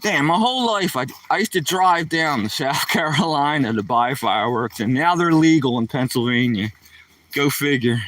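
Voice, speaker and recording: A man's voice: fairly high pitch, normal speed, fairly bright tone, no echo, recorded from a distance. A man from the Philadelphia area telling rambling stories from his past in loose, casual chat, often tossing in "man" and "you know".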